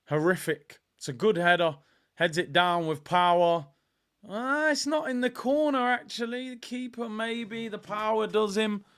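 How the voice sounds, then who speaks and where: Excitable high-voiced football watchalong host. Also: male voice, clear, resonant tone. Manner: excitable, chatty, reacting to play and chat messages. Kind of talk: live football watchalong commentary.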